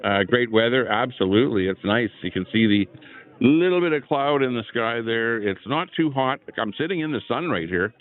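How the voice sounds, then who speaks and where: A man's voice: medium pitch, animated, moderate pace. A man hosting a live stream from a chair at an outdoor rally, chatting loosely and greeting viewers in the chat through a small clip-on mic. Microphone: small clip-on microphone. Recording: tinny phone-like lo-fi sound.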